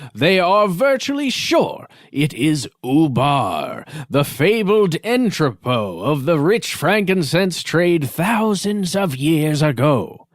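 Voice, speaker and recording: A man's voice: on the high side, no room sound, studio quality, voice pushed up. A man doing a transatlantic newsreel announcer. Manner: grand transatlantic delivery. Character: old-time male newsreel announcer. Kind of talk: reading a headline aloud.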